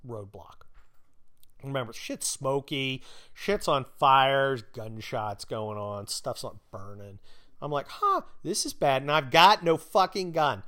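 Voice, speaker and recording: A middle-aged man in his fifties spins a long story in loose, conversational talk, swearing freely and speaking bluntly. His voice sits at an ordinary male pitch, and he slips into other people's voices when he quotes them. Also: a bit bright. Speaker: podcast host. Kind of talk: casual storytelling.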